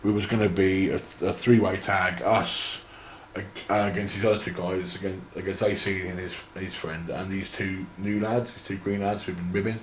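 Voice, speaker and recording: A man's voice: low voice, little pitch movement, moderate pace, a little hiss or hum. A young English man telling long, rambling anecdotes in a casual interview, with frequent restarts. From England. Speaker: interview guest, wrestler. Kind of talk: casual storytelling. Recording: echoey room.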